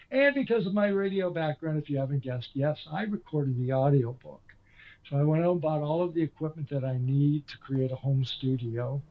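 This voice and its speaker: Heard over a phone-quality line, this fairly high-pitched male voice belongs to an older Canadian author and former radio host. He's the guest in a conversational interview, spinning self-deprecating stories.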